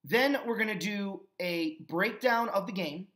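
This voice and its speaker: A man with a high, slightly slow voice hosts his own football talk show, delivering opinionated sports commentary as a monologue full of emphatic rhetorical questions. When he thanks the fans, he turns calmer and more earnest.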